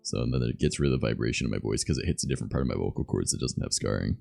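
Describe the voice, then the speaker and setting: A young man from Canada with a deep voice, chatting loosely and softly on his stream, swearing as he goes. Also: rapid-fire, gravelly, faint music behind. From Southern Ontario, Canada. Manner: soft-spoken, loose and swearing. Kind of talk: casual stream chat.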